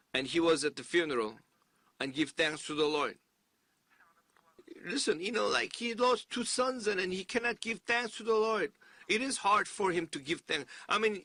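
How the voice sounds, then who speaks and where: A man preaching a sermon in an earnest, emphatic way, often halting and restarting his sentences. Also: high-pitched, sharp tone, no room sound. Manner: halting, with frequent restarts and fillers.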